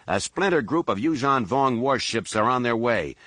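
A man's voice: mid-range voice, lively intonation, moderate pace, fairly bright tone, dry recording, voice pushed up. A man voicing a dry, sardonic male starship captain in an audiobook. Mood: wry. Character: wry male starship captain Han Solo.

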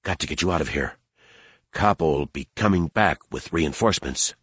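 A man voicing a grim, wounded male secret agent who talks in clipped, low lines. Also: normal speed, fairly bright tone, husky, no echo, studio quality, heavily acted. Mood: grim, terse.

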